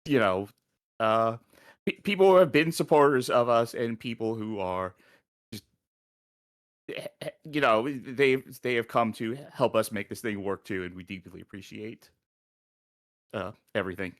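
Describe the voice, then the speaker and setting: Low-voiced, hesitant male co-host. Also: moderate pace, pauses often, no room sound. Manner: hesitant, polite, many fillers. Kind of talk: casual stream chat.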